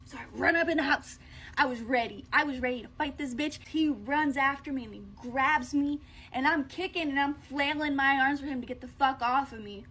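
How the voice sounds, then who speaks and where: A woman's voice: high-pitched, moderate pace, sharp tone. A woman telling a personal story in a casual, profane and blunt way. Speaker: vlogger.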